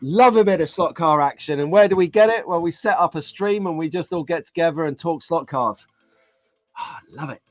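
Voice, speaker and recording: A man's voice: fairly high pitch, fairly quick, no room sound, faint music behind. A man hosting a casual live stream, reading out viewer comments and joking along with the chat. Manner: chatty, jokey, reads out viewer comments.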